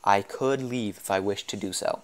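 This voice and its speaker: A mad half-machine sculptor of a man, proud and theatrical, drawing out his words, as a male reader puts him on. The voice sits fairly low. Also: lightly acted. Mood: grandiose. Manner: grandiose, theatrical, slow and drawn out.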